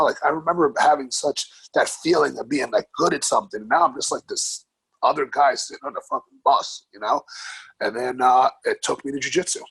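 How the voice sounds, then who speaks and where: Husky male guest, dry mic, animated casual storyteller. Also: mid-range voice, brisk, no echo, poor audio. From New York. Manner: animated, laughs often, swears casually. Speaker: podcast guest, grappling coach.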